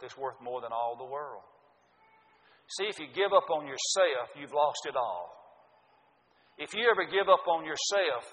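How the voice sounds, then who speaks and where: A man's voice: a little high, a bit bright. A man preaching a sermon, earnest and emphatic, citing scripture. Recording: dull lo-fi audio with long hall reverb.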